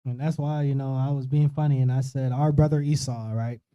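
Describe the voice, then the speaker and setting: Here the preacher speaks at medium pitch with little movement, a bit quickly, in a mellow, clean tone captured through lo-fi sound. It's an informal Bible study on a streamed church talk show, where he talks casually and keeps checking in with "right?".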